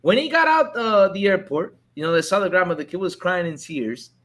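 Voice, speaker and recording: A man telling a story in casual chat, animated, acting out the people in it. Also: sits high, brisk. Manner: animated storyteller, acts out voices.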